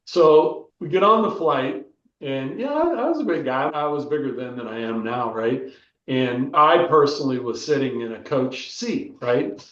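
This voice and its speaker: A man's voice: medium pitch, moderate pace, distant mic. Older american guy telling stories on a podcast, keeps saying right?, echoey room, kinda muffled. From United States. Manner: animated storyteller, keeps asking "right?". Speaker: former football player, guest. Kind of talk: casual storytelling interview. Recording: roomy, dull lo-fi sound.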